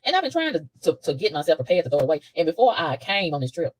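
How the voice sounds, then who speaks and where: A low-voiced woman talks fast to camera, swinging her pitch widely as she preaches in a casual, animated way. She laughs often and repeats herself for emphasis. The sound is dry and close. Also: dry recording, poor audio. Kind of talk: casual spiritual monologue to camera. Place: hotel room.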